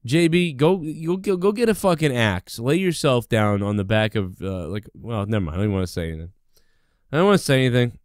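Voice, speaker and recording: A man's voice: medium pitch, animated, brisk, no echo, studio quality. A man hosting a podcast, ranting angrily and sarcastically with constant swearing. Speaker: podcast host. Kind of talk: profane ranting monologue.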